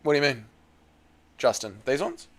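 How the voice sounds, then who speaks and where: A man's voice: mid-range voice, very animated, moderate pace, a bit bright. A man hosting a casual livestream, reading out chat messages and answering with crude, teasing banter. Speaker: livestream host.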